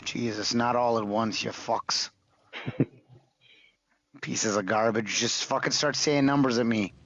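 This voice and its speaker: A man's voice: medium pitch, steady tone, measured pace, fairly bright tone, no echo, highs cut off. A man co-hosting a casual podcast chat, swearing freely and ribbing the others. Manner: profane, gruff teasing banter. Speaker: podcast co-host.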